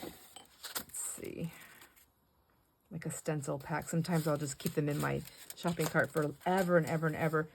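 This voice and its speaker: A woman's voice: sits low, fairly even intonation, fast, vocal fry, background noise. Chatty woman rambling while she crafts. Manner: rambling, chatty, laughs often. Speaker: craft vlogger. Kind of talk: casual craft chat while painting.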